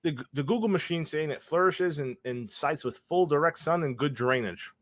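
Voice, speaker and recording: A man co-hosting a sports podcast, blunt and excitable, swearing freely. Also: fairly high pitch, normal speed, no room sound. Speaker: podcast co-host. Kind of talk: casual sports chat.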